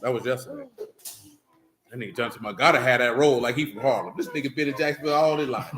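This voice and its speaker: A man's voice: mid-range voice, animated, fast talker, a bit bright. A man leading a Bible study, teaching loosely and breaking into teasing, joking asides. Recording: echoey room.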